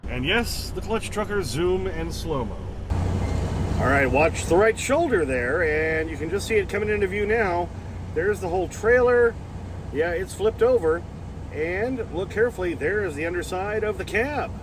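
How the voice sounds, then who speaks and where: Man, trucker, casual vlog narration, blunt and exasperated, slightly high voice, road noise clearly behind. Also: lively intonation, normal speed. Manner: exasperated, blunt ranting about other drivers. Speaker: truck driver. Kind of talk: casual vlog narration over dash cam footage.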